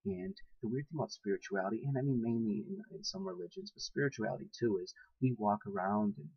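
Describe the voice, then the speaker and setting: Husky, animated young man vlogging. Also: medium pitch, quick pace, no echo, lo-fi sound. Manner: animated, blunt and profane, laughing often. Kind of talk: casual monologue to camera.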